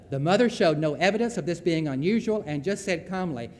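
A man's voice: on the high side, lively intonation, brisk, hardly any pauses, big-room sound, slight background noise. A Southern man giving a folksy, emphatic lecture on Christian leadership, with storytelling asides.

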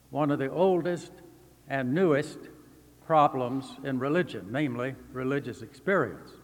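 An older man from Texas giving a formal academic lecture as a visiting seminary professor, speaking in measured, deliberate phrases with pauses. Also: mid-range voice, a little hiss or hum. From Texas, USA. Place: lecture hall. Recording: long reverb from a large hall.

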